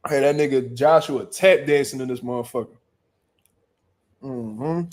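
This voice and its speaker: A young man hosting a boxing show, chatting in loud, profane, joking banter and often laughing. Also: mid-range voice, a little slow. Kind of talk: casual chat reacting to live chat.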